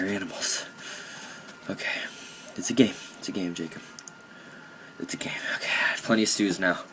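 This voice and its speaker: Young male gaming commentator, lowish voice, casual with mock-serious theatrics, faint noise behind. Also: fairly bright tone. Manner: mock-dramatic, joking about his own feelings.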